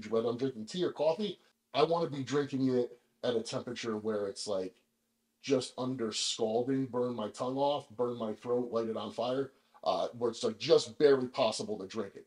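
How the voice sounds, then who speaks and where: A man hosting a casual video, explaining things in a relaxed, chatty way with lots of fillers, speaking in a kitchen. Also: medium pitch, echoey room, rough recording. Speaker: vlog host. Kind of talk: casual demonstration.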